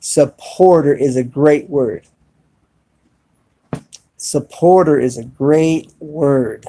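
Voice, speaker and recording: Male live-stream host, slightly high gravelly voice, slow and deliberate, spells things out, phone mic. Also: mellow, a little hiss or hum. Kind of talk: casual live-stream chat with viewers. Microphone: cell phone.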